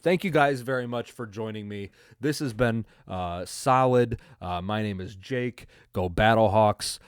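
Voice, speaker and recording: Man, podcast host, solo recap, rambling, crude jokes, mid-pitched voice, dry close sound. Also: a little slow, smooth, no room sound. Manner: profane, rambling, joking, with frequent laughs and fillers. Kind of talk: casual solo recap commentary.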